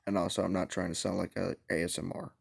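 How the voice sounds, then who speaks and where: Hushed young man with a gravelly voice. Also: sits low, flat delivery, fast talker. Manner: speaks quietly to avoid waking parents, blunt opinions. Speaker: vlogger reviewing movies. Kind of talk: hushed casual movie ranking. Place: home at night.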